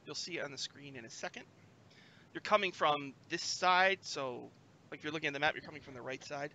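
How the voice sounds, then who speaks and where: A man narrates a tabletop adventure as game master, animated and lively. His voice is bright and slightly high. A faint hiss runs under the recording. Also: brisk, low-quality recording. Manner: animated, acts out creatures with shouts.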